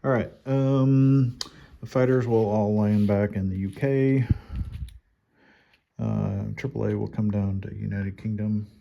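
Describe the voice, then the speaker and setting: A man playing a board game at home, calmly talking through his turn and counting his units and money aloud. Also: fairly low pitch, slow pace, vocal fry, lo-fi sound. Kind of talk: casual solo board game playthrough.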